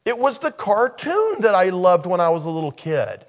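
A man's voice: high voice, very animated, moderate pace. A man preaching a sermon as a pastor, emphatic and repeating key phrases for weight.

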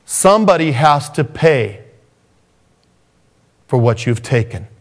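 A man preaching a sermon as a pastor, swinging from raised, intense passages down to hushed, soft ones. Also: medium pitch, expressive, slow pace.

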